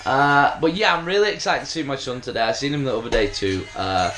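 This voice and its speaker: A young man talking in a relaxed, rambling way about his day as a lifting coach, with many "uh" fillers. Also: mid-range voice, a little fast, faint music behind. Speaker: powerlifting coach and vlogger. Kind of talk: casual vlog chat and voice-over.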